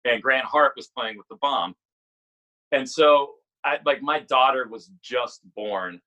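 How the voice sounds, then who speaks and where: Bright-voiced man telling stories casually. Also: mid-range voice, measured pace, poor audio. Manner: animated, swears freely, laughs often. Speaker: guest musician. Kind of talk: casual storytelling chat.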